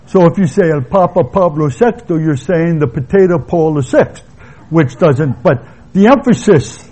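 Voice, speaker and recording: A male preacher with a husky, mellow voice that sits a little high. He teaches in a conversational sermon style and often pauses to restate his points. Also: poor audio. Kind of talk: expository sermon.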